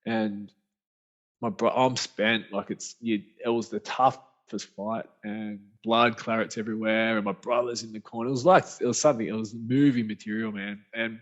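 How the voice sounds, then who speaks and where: At a normal speed and in a lowish voice, an Australian guest on a podcast spins a casual, slang-filled story. As an author and speaker, he's animated and rambling, frequently starting over. The audio is dull and lo-fi.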